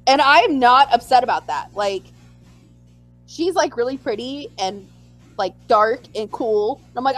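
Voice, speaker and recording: Brief: woman co-host, very high and lively pitch, excitable storyteller, dry close mic. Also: a little slow, dry recording, faint music behind, low-quality recording. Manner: animated, acts out her own reactions in a squealing voice. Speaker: podcast co-host. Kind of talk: casual chat.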